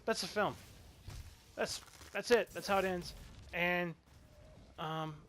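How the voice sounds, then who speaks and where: A man's voice: sits high, slow, fairly bright tone, slight background noise. A man in his thirties giving a casual spoken movie review, rambling and exasperated and swearing freely. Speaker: film reviewer.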